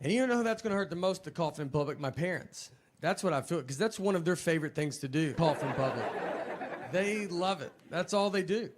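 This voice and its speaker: A man with a Tennessee accent telling stand-up stories in a deadpan, understated drawl with frequent filler words. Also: a little high, a little fast, very noisy. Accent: Southern US, Tennessee. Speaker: stand-up comedian. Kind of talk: stand-up comedy storytelling.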